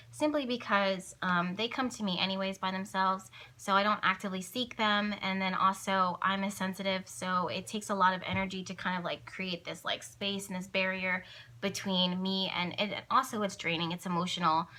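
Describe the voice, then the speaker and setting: A woman's voice: mid-range voice, sharp tone. A young woman vlogging casually to camera, telling stories in a chatty way with many fillers and restarts. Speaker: spiritual vlogger. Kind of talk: casual talking-to-camera vlog.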